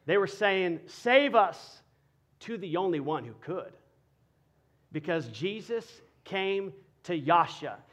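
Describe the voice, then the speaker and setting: A male pastor preaching a sermon, building from quiet explanation to loud, passionate emphasis. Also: high voice, animated, slow pace. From Texas.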